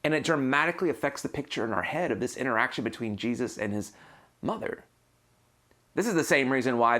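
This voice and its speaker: A male pastor gives an earnest, explanatory sermon at a middle pitch. He walks listeners through the text step by step and slips into the quotes he reads aloud. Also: a bit bright.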